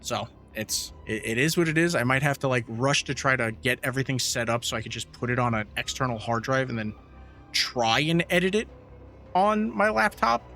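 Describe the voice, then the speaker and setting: A man's voice: medium pitch, normal speed, soft background music. A man co-hosting a podcast, telling a story with lots of swearing and acted-out quotes in casual chat. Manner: animated storyteller, swears freely, acts out quotes. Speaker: podcast co-host.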